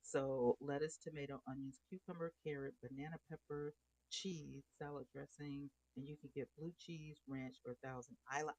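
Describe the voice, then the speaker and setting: A woman's voice: low voice, moderate pace, no room sound, low-quality recording. Woman, middle-aged, casual livestream host, chatty, dry sound. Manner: chatty, greets viewers by name, expressive swings.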